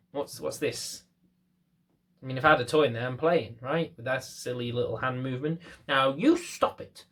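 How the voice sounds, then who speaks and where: A man's voice: mid-range voice, a bit bright. A man, a dog trainer, talking casually to camera from a chair, with many fillers and restarts. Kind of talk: unedited talk to camera. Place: indoors, seated in a chair.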